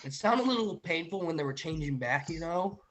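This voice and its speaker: A man's voice: on the high side, expressive, brisk, fairly bright tone. A man hosting a podcast, casually and animatedly retelling a dream to his viewers and often saying "literally" and "guys". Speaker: podcast host.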